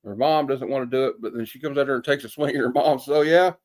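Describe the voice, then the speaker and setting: A man talks through a comic book in a loose, chatty way, pausing often with fillers as he thinks. His voice sits in an ordinary middle range, and he leans on folksy sayings. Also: mid-range voice, a little mellow. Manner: rambling, hesitant with many fillers. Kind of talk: casual comic review.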